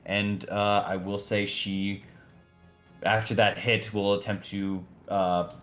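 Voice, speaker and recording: A man's voice: on the low side, flat delivery, slow, a bit bright, faint music behind. A man narrating a tabletop game as game master, rambling with many fillers and restarts.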